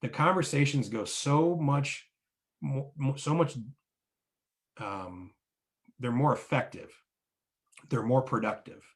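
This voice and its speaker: A man's voice: mid-range voice, lively intonation, takes it slowly, pauses often. A man teaching business owners about sales team roles, explaining in numbered steps and often checking in with "right?". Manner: coaching, often ends points with "right?". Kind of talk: instructional talk to business owners.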